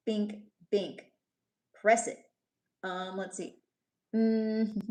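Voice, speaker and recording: Teasing woman chatting on a livestream. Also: medium pitch. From New York City. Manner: chatty, teasing, scolds crude commenters. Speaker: livestream host. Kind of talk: casual live-stream chat reading comments.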